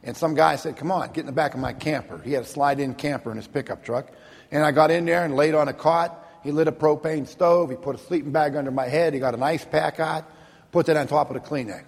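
Middle aged guy telling his testimony, raspy gravelly voice, big echoey hall. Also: fairly high pitch, brisk. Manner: earnest, plainspoken, repeats words when moved. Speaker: speaker telling a personal testimony. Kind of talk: personal testimony storytelling.

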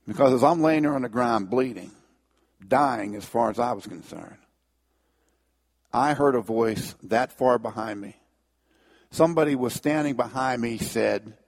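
A man's voice: mid-range voice, unhurried, pauses often. A middle-aged man giving an earnest personal testimony to an audience, with his voice swelling at the key moments.

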